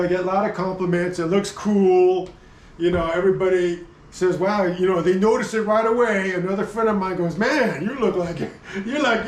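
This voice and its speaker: With the camera placed some distance away, the audio sounds roomy as a middle-aged man who vlogs about motorcycles and gear chats through a relaxed review. His voice is fairly high, and he wanders from point to point in a friendly way, laughing a lot and stopping to correct himself.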